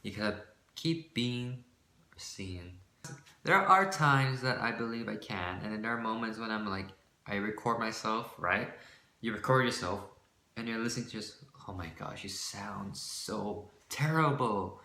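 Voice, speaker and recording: A man with a low, bright, forceful voice chats to his camera in a casual vlog. He rambles and runs himself down, often breaking off to restart a sentence or laugh nervously. His voice bounces around an echoey room. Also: moderate pace. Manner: rambling and self-deprecating, with frequent restarts; nervous laughter between phrases. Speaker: vlogger.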